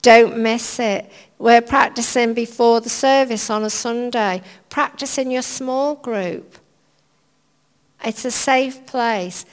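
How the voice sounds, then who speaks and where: A woman preacher giving an informal sermon in a church hall, chatty, anecdotal and gently humorous. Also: fairly high pitch, slow pace. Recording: long reverb of a church hall.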